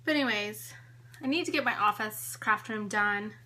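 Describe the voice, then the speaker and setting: Giving a live-stream tour of her home on a tripod camera, a pregnant woman in her late thirties chats casually and giggles, slightly out of breath. She's a home organizing vlogger, and her medium-pitched voice is pushed and bright, moving at a moderate pace.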